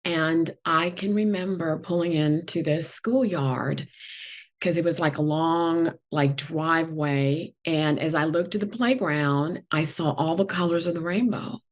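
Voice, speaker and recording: Woman guest, first language not English, deep voice, earnest and emotional storytelling. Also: measured pace. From not from the country where she went to school. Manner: earnest, tearful at times, many fillers. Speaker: guest executive.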